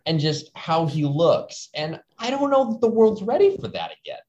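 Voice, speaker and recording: Panelist, male, lively storyteller, muffled lo-fi sound. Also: high-pitched, moderate pace. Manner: animated storyteller. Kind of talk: casual panel chat.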